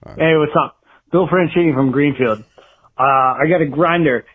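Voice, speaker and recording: A man rants on a tinny phone voicemail, swearing freely as he vents a grievance. His voice is husky and sits a little high for a man. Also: moderate pace. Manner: angry, profane rant. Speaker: voicemail caller. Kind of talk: ranting voicemail.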